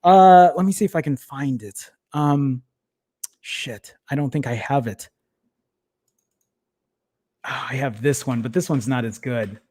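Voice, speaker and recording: A man's voice: mid-range voice, measured pace, long pauses, a little mellow. A man hosting a casual tech livestream, rambling and apologizing as he fumbles with photos, muttering and swearing under his breath. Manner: rambling, self-interrupting, apologetic while fumbling with files. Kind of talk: casual live-stream chat.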